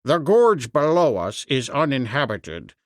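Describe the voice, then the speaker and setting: A boastful tribal warrior man, quick to bristle, with a lively rising and falling voice, as a male narrator reads him in a storybook. The delivery is slow and close, with no room sound. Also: mid-range voice, dry recording, pitched below the performer's own voice. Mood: calm.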